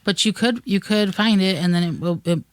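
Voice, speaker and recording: Wisconsin woman cohost, smooth clear voice, dry close mic, explains stuff casually. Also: medium pitch, a little fast, no room sound. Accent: Upper Midwest American. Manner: explanatory, lively, trails off to softer ends. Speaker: co-host of a gardening radio show. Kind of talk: casual radio chat.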